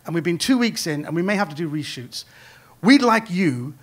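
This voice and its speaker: A man's voice: on the high side, animated, normal speed. A man voicing a serious film producer who explains a problem in an earnest, businesslike way.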